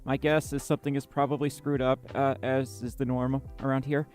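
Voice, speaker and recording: A woman's voice: rumbling low, flat delivery, fairly quick, darkish tone, soft background music. A woman hosting a casual livestream, chatting with viewers and reading their messages in a tired, scattered way, laughing often. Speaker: livestream host.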